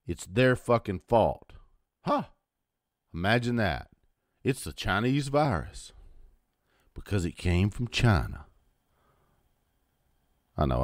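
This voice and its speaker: A man in his fifties delivers a profane political rant to camera as host of his own show. His low voice swings widely in pitch as he rants with blunt defiance and sarcastic asides. The sound is close and dry. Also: no echo. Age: 50s.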